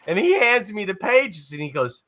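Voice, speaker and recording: A man's voice: high-pitched, big pitch swings, moderate pace, sharp tone. A man, a former comics editor, telling a rambling anecdote in a casual panel chat, with frequent restarts and chuckles. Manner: rambling storyteller, chuckles often, many restarts.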